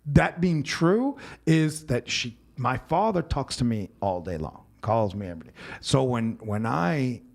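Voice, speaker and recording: Animated rambling male podcast host. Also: medium pitch, a little slow, creaky, hardly any pauses. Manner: animated, rambling, acts out family members. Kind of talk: casual storytelling chat.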